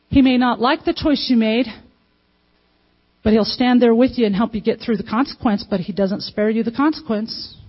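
A woman's voice: fairly high pitch, highs cut off. A woman preaching a sermon in a conversational way, putting questions to the congregation and acting out little quotes. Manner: conversational, asks the audience questions, acts out quotes.

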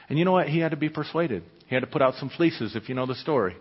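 A pastor preaching a sermon, emphatic and conversational, often asking the listeners questions. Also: male voice, a little high, expressive, fast, hardly any pauses, slightly rough. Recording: echoey hall, dull lo-fi sound.

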